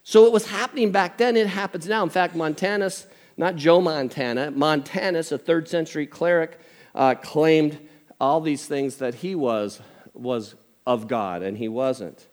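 A man's voice: a little high, a little slow. An older man preaching a sermon as pastor, conversational, with jokey asides. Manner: conversational, jokey asides, animated impressions of family.

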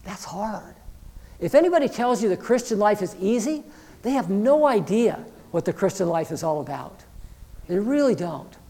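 A man's voice: high-pitched, big pitch swings, moderate pace, warm tone. A man preaching a sermon as pastor, earnest and conversational, acting out the voices of imagined believers. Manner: earnest, conversational preaching with frequent "you know".

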